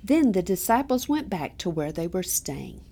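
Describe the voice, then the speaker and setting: A woman reads scripture and liturgical responses clearly and reverently. Her pitch moves a great deal, giving the reading a lilting rise and fall. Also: very animated, moderate pace, mellow. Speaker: prayer co-leader.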